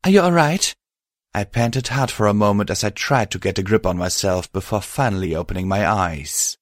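An audiobook narrator with a low male voice reads a scripted story a little fast. The studio-quality recording has no room sound.

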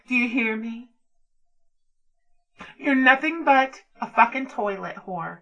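A woman with a fairly high, bright voice performs an adult role-play. She talks slowly and deliberately, giving commands in a taunting, dominant manner. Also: low-quality recording. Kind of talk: erotic audio role-play.

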